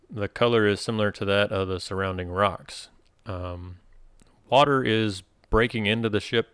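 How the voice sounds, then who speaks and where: A man's voice: on the low side, fairly bright tone, smooth, no echo, studio quality. A man narrating as game master of a tabletop game, laid-back and full of fillers.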